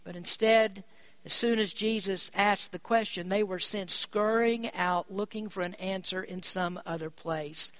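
A preacher giving a sermon, stressing key points by rising in pitch and volume and slowing down on important words. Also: steady tone, a bit bright, dry recording. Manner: slows down to drive words home.

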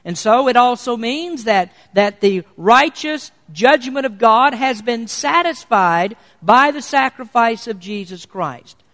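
High-voiced preacher in a reverberant hall. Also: male voice, lively intonation, a bit bright. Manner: earnest preaching, slows for emphasis. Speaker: pastor. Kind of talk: sermon.

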